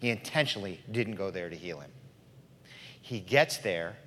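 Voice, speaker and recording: A man preaching a sermon in a church, dramatic, swinging between loud passages and hushed ones. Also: deep voice, expressive, normal speed. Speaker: pastor. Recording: long hall reverb.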